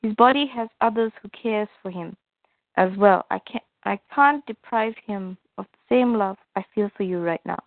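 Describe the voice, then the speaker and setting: A woman voicing a gentle plant creature living in a man's body, speaking earnestly in a comic read-aloud. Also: mid-range voice, normal speed, dry recording, close to an everyday voice. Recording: tinny phone-like dry sound.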